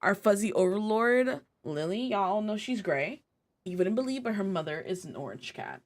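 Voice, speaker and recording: A woman streamer giving chatty, excitable gameplay commentary and talking to her viewers. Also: mid-range voice, moderate pace.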